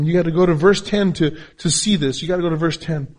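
A man's voice: fairly high pitch, fast, darkish tone. A pastor preaching a sermon in English, his second language, with a non-native accent and emphatic, repetitive phrasing. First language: not English.

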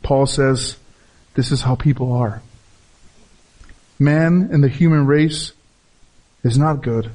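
A man's voice: mid-range voice, slow pace, long pauses, mellow. A man, a pastor, preaching a sermon with emphatic repetition and rhetorical questions to his listeners.

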